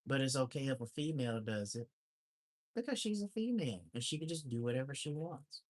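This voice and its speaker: A man's voice: mid-range voice, very animated, fairly quick. A man talks on a casual livestream in a blunt, exasperated rant. He swears freely and circles back to the same complaints again and again. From lives in Alaska. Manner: blunt and ranting, with profanity; repetitive and exasperated.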